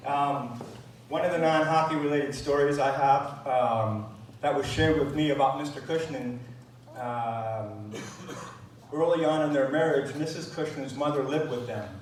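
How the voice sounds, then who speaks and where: A middle-aged man speaking at a memorial gathering, reminiscing with frequent pauses and fillers. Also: medium pitch, a little hiss or hum. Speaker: eulogy speaker. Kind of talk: memorial speech. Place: large room at a gathering. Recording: distant mic in echoey room.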